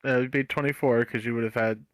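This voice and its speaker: A man running a tabletop game online as game master, easygoing and quick with the rules math. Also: medium pitch, steady tone, dry recording.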